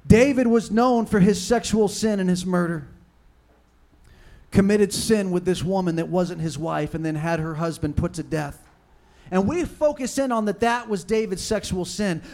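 A man preaching a sermon with passion, moving from hushed talk to shouting and reading scripture with dramatic emphasis. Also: sits high. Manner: impassioned, swinging from hushed to shouting. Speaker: pastor.

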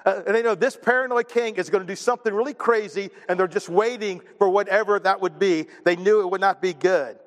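Guy preaching a sermon, kinda high voice, cracks jokes at himself, echoey church sound. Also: fairly quick, few pauses. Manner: joking, self-deprecating asides. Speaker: pastor.

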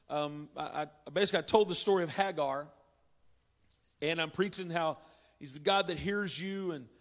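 A male preacher delivers a sermon in a relaxed, storytelling manner. His voice sits a little higher than most men's and rings with long reverb from a large hall. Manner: storytelling, conversational with southern "y'all".

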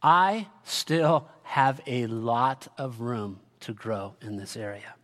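A man's voice: medium pitch, expressive, slow, fairly bright tone, big-room sound. A male pastor preaching a sermon in a church, emphatic and often calling out to the congregation.

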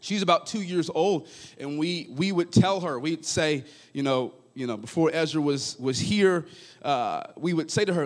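Storytelling preacher with a high voice. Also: male voice, lively intonation, moderate pace. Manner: storytelling preacher, shifts from hushed asides to rising prayer. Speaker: pastor. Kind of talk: sermon.

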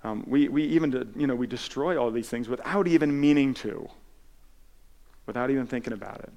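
A man's voice: medium pitch, a little fast, vocal fry, warm tone. A man pastor giving a conversational sermon, telling stories with many restarts and filler words.

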